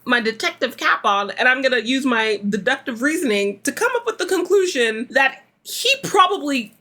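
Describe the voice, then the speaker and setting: A woman casually recapping a reality show for her channel, with playful outbursts and acted-out quotes of the people in it. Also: moderate pace. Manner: animated, big pitch jumps, playful outbursts; acts out quoted people in put-on voices. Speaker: reaction YouTuber.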